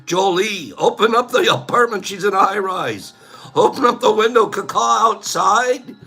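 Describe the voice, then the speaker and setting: Host, male, middle-aged: goofy, laugh-prone, high bright voice that swings wildly, unhurried, light music underneath. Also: expressive, husky. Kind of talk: casual livestream chat.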